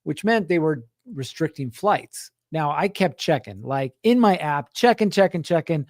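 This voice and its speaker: A Utah man hosts a show for contractors, casually telling his audience a story, acting out the quotes and often checking in with "right?" His animated voice sits on the high side at a normal speed, recorded dry in clean studio sound.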